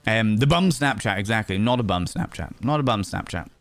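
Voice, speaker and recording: A man's voice: on the low side, lively intonation, fairly quick. A man chatting playfully and theatrically on a game stream, laughing often. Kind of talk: casual live-stream chat.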